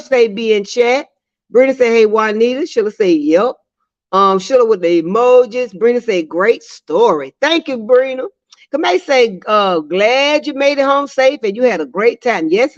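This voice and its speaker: A woman's voice: a little high, no room sound. A woman hosting a casual livestream, chatting and laughing often as she reads viewer comments aloud. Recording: dry, slightly dull lo-fi sound.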